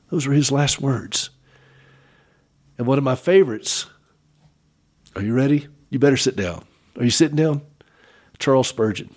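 A man giving a devotional Easter talk in a reflective way, pausing for effect and asking the listener direct questions. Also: medium pitch. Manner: reflective, with expressive pauses and emphasis.

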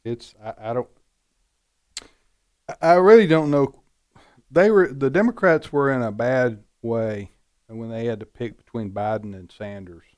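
A man giving political commentary in casual panel talk, halting and repeating words as he starts his points. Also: mid-range voice, a little mellow, clear, resonant tone.

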